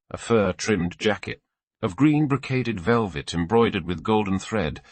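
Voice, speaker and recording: A male audiobook narrator telling a classic tale in a steady reading voice. His pitch sits low, his tone is bright and forward, and the recording is close and dry. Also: dry recording. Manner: steady storytelling read with voiced characters.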